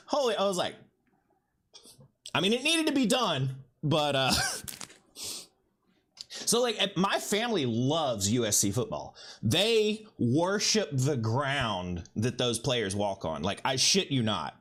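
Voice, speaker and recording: A man's voice: medium pitch, slow. A man, casually telling a profane story to his livestream. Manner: profane, animated anecdote-telling with quoted voices. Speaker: livestream host.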